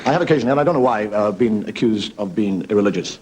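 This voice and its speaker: A man's voice: lowish voice, lively intonation, racing, a loud crowd, very noisy. A man telling jokes in a wry, conversational stand-up monologue. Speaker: stand-up comedian.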